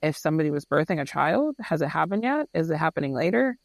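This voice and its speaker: A man co-hosting a podcast, reacting to a film in an animated, casual way with sudden jumps in pitch. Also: fast talker, vocal fry, dry recording. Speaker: podcast co-host.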